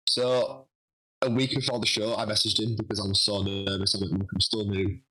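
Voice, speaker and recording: A man telling a lively story in a casual interview, acting out what people said. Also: fairly low pitch, fairly quick, husky, poor audio. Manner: animated, acts out quoted dialogue. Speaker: guest wrestler.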